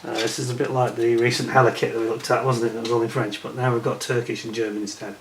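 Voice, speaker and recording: A man's voice: mid-range voice, level tone, fast. Guy muttering through a kit unboxing, roomy echo, bit of faint hiss. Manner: chatty, muttering asides to himself. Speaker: model kit reviewer. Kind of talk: casual unboxing commentary. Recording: echoey room with faint noise.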